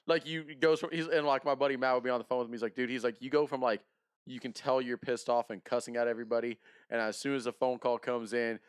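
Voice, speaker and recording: A man co-hosting a podcast in casual chat, relaxed, often searching for words and trailing off. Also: mid-range voice, fast talker, smooth, no room sound, clean studio sound. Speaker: podcast co-host.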